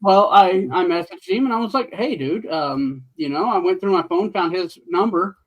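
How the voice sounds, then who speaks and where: A man's voice: high-pitched, lively intonation, normal speed, lo-fi sound. A man chatting easily as a podcast guest, a millwright recounting work anecdotes. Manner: easygoing, conversational recounting of anecdotes. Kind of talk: casual storytelling chat.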